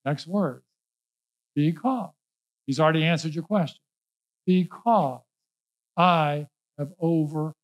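A man's voice: on the high side, slow pace, long pauses, dull audio. Emphatic preacher man with folksy asides. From Norfolk, Virginia. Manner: emphatic, repeats key words, folksy asides. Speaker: pastor. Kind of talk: sermon.

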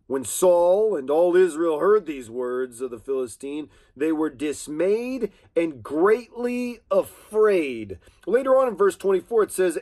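A man preaching a sermon in an impassioned, emphatic way, repeating key phrases. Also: on the high side.

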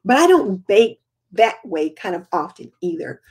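A woman's voice: medium pitch, big pitch swings, moderate pace, a little mellow, husky. An older woman, chatting casually as host of a live homemaking Q&A and answering viewer comments.

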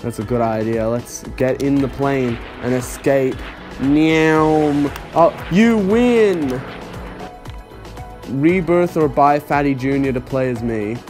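A man's voice: medium pitch, moderate pace, few pauses, a little mellow, soft background music. Sarcastic young man playing a game. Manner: sarcastic, incredulous reactions. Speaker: gaming YouTuber. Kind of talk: let's play commentary.

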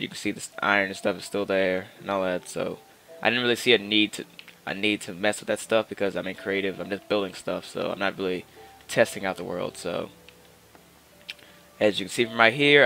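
A man's voice: lowish voice, vocal fry, bright, forceful tone, clear, resonant tone. A man giving rambling, casual gameplay commentary into his own microphone, full of fillers and restarts. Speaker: gaming channel host. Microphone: personal microphone.

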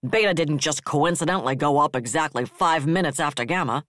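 A man doing a flat, bitter defense chief. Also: fairly high pitch, brisk, no room sound, clean studio sound, lightly acted. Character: bitter, level-headed older male defense director.

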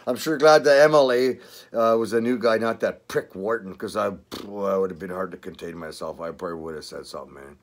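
A man's voice: fairly low pitch, a little fast. An older man with a Canadian accent, chatting casually in a vlog, rambling, swearing and laughing often. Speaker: vlogger. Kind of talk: casual chat.

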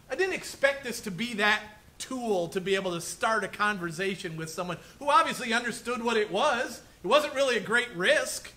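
A man's voice: extremely high pitch, sharp tone, poor audio. A male pastor preaching a conversational sermon in a church room, often checking in with "right?" and "okay?". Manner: chatty, keeps asking "right?" and "okay?".

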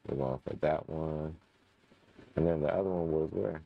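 A man's voice: extremely low pitch, normal speed, creaky, narrow, tinny audio. A young man casually commenting while playing a game, chatting to his viewers and muttering when frustrated. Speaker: gaming channel host. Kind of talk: casual let's-play commentary.

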